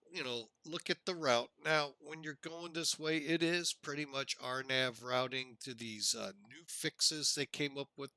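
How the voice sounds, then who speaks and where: A man's voice: mid-range voice, sharp tone, dry recording. A man casually narrating a flight simulator session on a live stream, chatting to viewers as folks.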